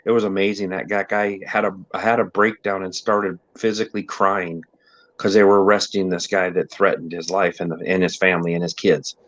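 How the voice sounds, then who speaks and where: A man's voice: deep voice, flat delivery, fairly quick, fairly bright tone, dry recording. A man hosting a casual podcast chat, telling anecdotes and mimicking the people in them. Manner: storyteller who mimics people in his anecdotes. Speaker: host. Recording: dull lo-fi dry sound.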